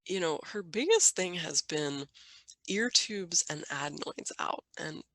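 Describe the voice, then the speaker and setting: A woman in her thirties from Minnesota, a guest in a casual interview who tells stories warmly and laughs often. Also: on the low side, expressive, unhurried, dry recording. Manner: warm storytelling, laughs often. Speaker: guest parent.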